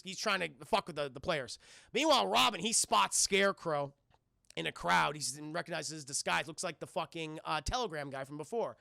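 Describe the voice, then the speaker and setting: A man's voice: on the high side, gravelly, pushed and bright, no room sound, studio quality. A man streaming a cartoon review, recapping scenes to his live chat in a rambling, profane, casual way with lots of restarts.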